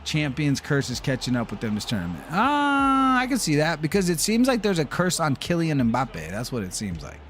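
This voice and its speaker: With slight noise behind him, a man with a fairly high voice talks a little fast and barely pauses. He's streaming a football game, casually chatting and ranting through a heated tale full of swearing.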